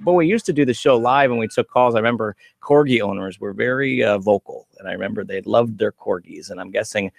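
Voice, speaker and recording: A man's voice: lowish voice, brisk, creaky, few pauses, no room sound. A man hosting a weekly pet radio show in an easygoing way, keeping the talk moving. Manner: easygoing, moves the show along. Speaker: radio host. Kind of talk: casual radio chat.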